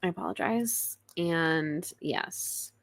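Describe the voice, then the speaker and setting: A young woman co-hosting a podcast, chatting casually in rambling stories with quick self-deprecating asides. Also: fairly low pitch, gravelly. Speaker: podcast co-host.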